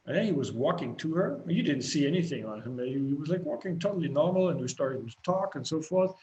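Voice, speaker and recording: Middle-aged guy, founder, rambling interview chat, lots of ums and restarts, slightly high voice. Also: expressive, fairly quick, few pauses, darkish tone, poor audio. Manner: chatty, rambling, frequent fillers and restarts. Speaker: company co-founder and CEO. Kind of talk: casual spoken interview.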